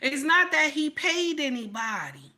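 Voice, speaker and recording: A middle-aged woman hosting casual livestream commentary, loud and playful, answering her chat as she talks. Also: high-pitched, sing-song, unhurried.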